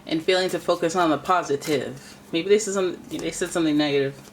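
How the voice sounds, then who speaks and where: A woman's voice: sits low, a little fast, a little hiss or hum. A woman giving a casual, playful tarot reading, chatting with the cards as she turns them. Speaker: tarot reader.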